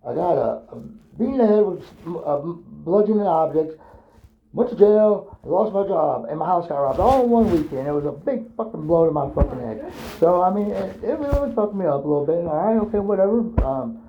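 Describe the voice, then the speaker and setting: A man's voice: high voice, sing-song. A man telling a rambling personal story, swearing often and stopping to restart his sentences. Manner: profane, halting, full of fillers and restarts. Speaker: storyteller recounting his own ordeal. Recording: dull lo-fi recording with faint hiss.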